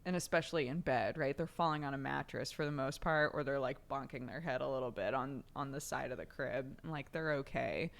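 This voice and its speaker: A woman's voice: a bass voice, fairly quick, creaky, few pauses. A young adult woman streamer chatting casually, telling a story with frequent laughter and the odd swear word. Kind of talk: casual chat.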